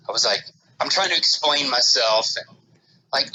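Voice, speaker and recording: A man co-hosting a podcast, telling a rambling casual story and loudly acting out his own panicked remarks. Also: mid-range voice, very animated, brisk, slight background noise, low-quality recording. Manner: rambling with many restarts and "like". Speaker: podcast co-host.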